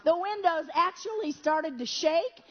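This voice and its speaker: A woman preacher telling a lively testimony story in a sermon, with bursts of sound effects and prayer. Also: very high voice, unhurried, muffled recording, faint music behind.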